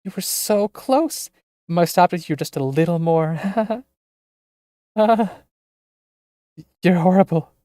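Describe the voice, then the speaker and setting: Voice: medium pitch, slow pace, long pauses, warm tone, dry recording, studio quality, pitched above the performer's own voice, close to an everyday voice. A streamer voicing a gleeful, sadistic captor who taunts and giggles while reading game dialogue aloud. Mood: taunting.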